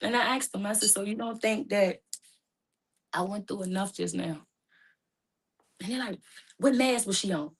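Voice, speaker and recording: A woman recounting a painful personal story in casual, informal speech, her voice rising high and loud when distressed. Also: normal speed, long pauses, husky. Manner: speaks casually with informal phrasing. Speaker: guest telling her story.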